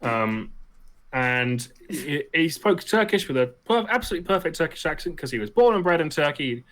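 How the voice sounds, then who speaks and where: A man's voice: a little high, very animated, normal speed, fairly bright tone. Joking man in casual chat. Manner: dry jokes, swearing. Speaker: podcast co-host.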